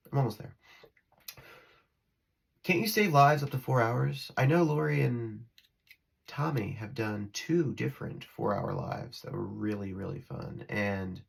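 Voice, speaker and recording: This spiritual vlogger has a medium-pitched voice that is creaky, husky and fairly bright. Speaking to his phone camera, he drifts loosely between topics, giggling and restarting what he says.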